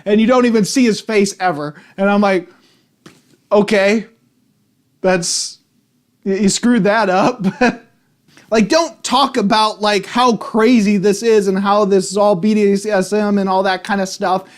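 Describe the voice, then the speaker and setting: A man with a high voice talks through a film review in a loose, rambling way. He keeps restarting sentences and sounds exasperated by what he saw. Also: steady tone, moderate pace. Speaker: movie reviewer. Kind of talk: casual spoken film review.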